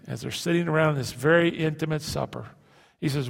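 A male pastor preaching a sermon in a halting way, repeating words and asking rhetorical questions. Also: fairly high pitch, gravelly, a bit bright, in a large hall.

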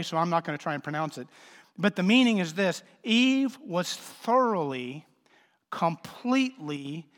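A male pastor delivers a sermon with a notably high-pitched voice, casual and joking between forceful swells of emphasis. The sound rings with a long hall reverb. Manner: conversational, joking preacher with sudden emphatic swells.

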